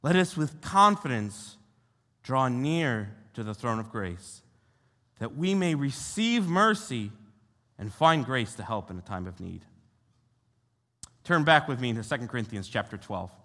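A young American man preaches as a youth pastor, his voice bright and a little high, and his pitch swings widely. He keeps the sermon conversational and tosses rhetorical questions to the room. A long reverb from a large hall trails behind his words. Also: very animated, unhurried, long pauses. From United States.

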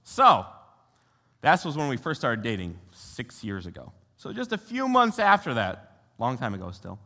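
A young American man, a youth pastor, preaching a sermon in an animated, conversational way and asking his listeners rhetorical questions. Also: medium pitch, normal speed. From United States. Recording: long hall reverb.

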